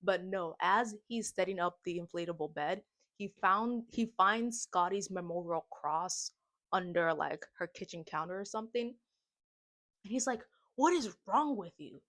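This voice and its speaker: A woman's voice: on the low side, unhurried, fairly bright tone. A young adult woman vlogging a casual movie recap and reaction, slangy and dramatic, with comic asides.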